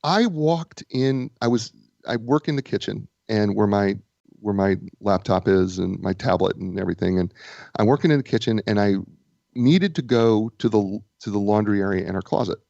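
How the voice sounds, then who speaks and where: A man speaking as a guest author and business coach, telling stories in a lively way with frequent restarts. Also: fairly low pitch, moderate pace, vocal fry, no room sound, dull audio. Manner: animated storyteller, stammering restarts. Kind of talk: casual interview chat.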